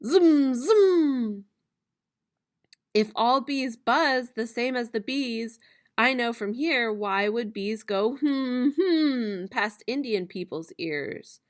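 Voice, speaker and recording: Slow, playful woman reading to children. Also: fairly high pitch. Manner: slow, playful reading with bright, loud animal-sound imitations. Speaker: teacher. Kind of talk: picture book read-aloud for students.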